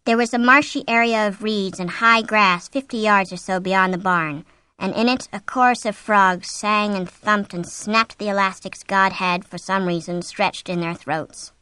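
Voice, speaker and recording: Bright, dry-voiced woman narrator. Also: medium pitch, moderate pace, clear, resonant tone, no echo. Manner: expressive, suspenseful reading. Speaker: audiobook narrator. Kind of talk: scripted narration of a horror novel.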